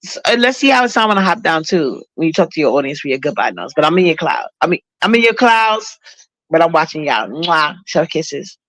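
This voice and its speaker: A woman guest on a live stream, relaxed and playful, laughing between lines. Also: low-pitched, fast, hardly any pauses, dry recording. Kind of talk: casual chat.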